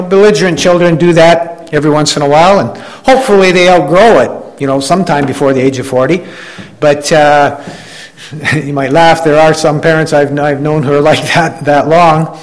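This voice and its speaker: A man's voice: a little high, steady tone, normal speed, low-quality recording. Man preaching in a conversational sermon. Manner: conversational preaching with frequent restarts and "you know"; acts out quoted complainers in a raised voice. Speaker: pastor.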